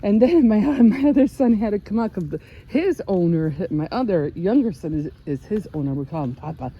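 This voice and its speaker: A woman's voice: medium pitch, expressive, a little fast, mellow, slightly rough, highs cut off. An older woman chatting casually in a vlog, telling stories with frequent laughs and restarts. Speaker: vlogger. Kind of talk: casual chat.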